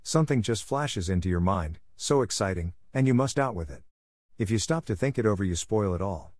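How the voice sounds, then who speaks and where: A man's voice: fairly low pitch, expressive, a little fast, darkish tone, no room sound, studio quality. A man voicing an eager, dramatic young girl who talks in an earnest, impulsive, pleading way.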